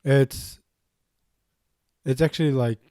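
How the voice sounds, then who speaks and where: A young man with a New Zealand accent, telling stories in a casual podcast chat, animated and swearing a lot as he acts out what people said. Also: mid-range voice, slow pace, dry recording, studio quality.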